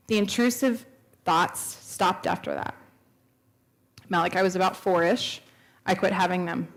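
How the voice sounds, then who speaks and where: A woman in her thirties telling a personal testimony at a church, earnest and storytelling, acting out the dialogue she quotes. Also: on the low side. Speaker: speaker at a church. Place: church sanctuary.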